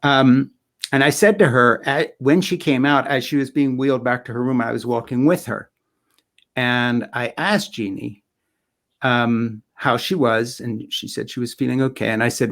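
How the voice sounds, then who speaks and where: Older guy author being interviewed, earnest, halting, keeps searching for words. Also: medium pitch, steady tone, fairly bright tone. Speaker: author guest. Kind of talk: reflective interview talk. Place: live online stream.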